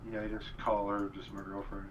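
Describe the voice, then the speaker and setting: A man's voice: on the low side, completely flat delivery, brisk. A man telling a rambling story in casual chat, full of fillers. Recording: distant mic with noise.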